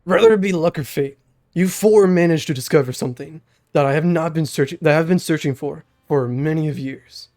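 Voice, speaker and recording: A man's voice: brisk, a little mellow, lightly acted. A young man doing Ryze, a grave old mage. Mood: solemn. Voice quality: slightly lowered, groggy-sounding voice. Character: stern, secretive old male mage. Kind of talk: game master voicing a character.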